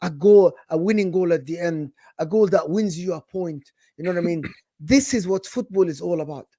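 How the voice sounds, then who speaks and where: A young man with an Egyptian accent hosting casual football talk, animated and sarcastic, slipping into Arabic phrases. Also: high-pitched, normal speed, no echo, clean studio sound. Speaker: football channel host.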